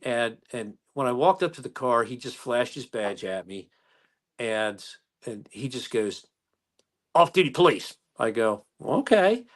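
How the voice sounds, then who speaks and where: A middle-aged American man, a police chief, telling work stories in a folksy, animated way during an interview. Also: medium pitch, a little slow. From United States. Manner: folksy, animated retelling with acted-out quotes. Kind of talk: conversational storytelling interview.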